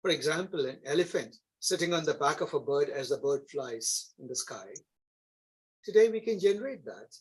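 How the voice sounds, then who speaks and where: Husky Indian-accented male lecturer. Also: on the high side, expressive, normal speed, rough recording. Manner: explanatory, frequent tag questions like "isn't it?" and "right?". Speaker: instructor. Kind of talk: classroom lecture.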